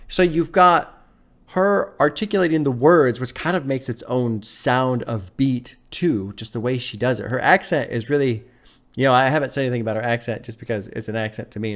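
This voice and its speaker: Excitable, cursing man reacting to music. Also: mid-range voice. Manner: excited, swears often, breaks into laughs. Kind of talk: casual music reaction commentary.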